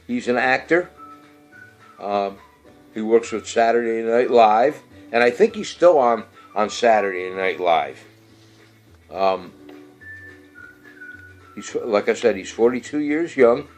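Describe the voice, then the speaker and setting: A middle-aged man, hosting a casual show and rambling through birthdays and weather with many fillers and restarts. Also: on the low side. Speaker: radio-style show host.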